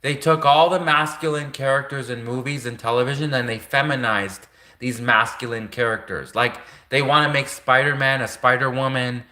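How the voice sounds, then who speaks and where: A young man riffing loosely on a livestream, stringing thoughts together with constant fillers and breaking into laughter. His voice is bright and forward. The delivery meanders and stays casual throughout. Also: medium pitch, fairly even intonation, moderate pace. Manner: rambling, heavy "like" filler, frequent laughter. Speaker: livestream host. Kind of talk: rambling casual monologue.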